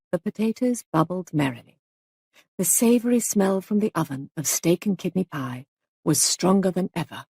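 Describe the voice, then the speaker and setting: A woman narrating a mystery story as an audiobook reading, in a measured, even manner. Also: mid-range voice, breathy edge, no echo, studio quality.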